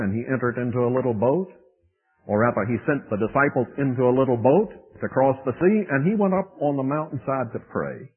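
A man preaching a sermon lecture, swinging between loud emphasis and hushed tones, with a husky voice. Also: mid-range voice. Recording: tinny phone-like old radio recording.

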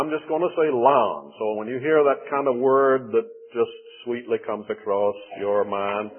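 A Southern-accented male preacher delivers a sermon in a measured, deliberate way. His voice is a little husky, at a middling pitch. It comes through a thin, tinny radio broadcast.

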